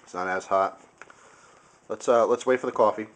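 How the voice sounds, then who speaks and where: A man's voice: fairly low pitch, normal speed, a little hiss or hum. A young man casually reviewing food on camera, chatty and enthusiastic, sometimes talking with his mouth full. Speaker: video host.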